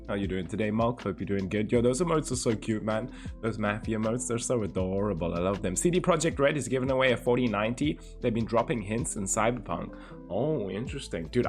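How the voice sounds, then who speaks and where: A young man streaming live, chatting casually and teasingly with his viewers and swearing freely. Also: lowish voice. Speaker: livestreamer.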